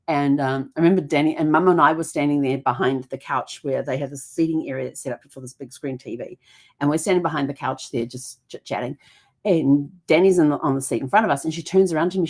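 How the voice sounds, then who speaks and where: Middle-aged woman vlog host, lowish voice, rambling storyteller who laughs easily. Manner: chatty, rambling, laughs often, acts out quoted voices.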